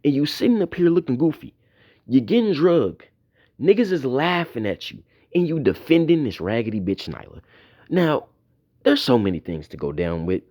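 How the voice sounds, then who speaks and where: A man's voice: mid-range voice, big pitch swings, moderate pace, darkish tone. A man delivering a profane, mocking tirade in a commentary video. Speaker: YouTube commentator.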